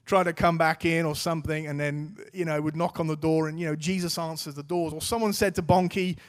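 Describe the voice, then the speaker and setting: A man's voice: a little high, fairly even intonation, fairly quick. A man in his thirties preaching a sermon, earnest and exhorting, with casual, everyday phrasing.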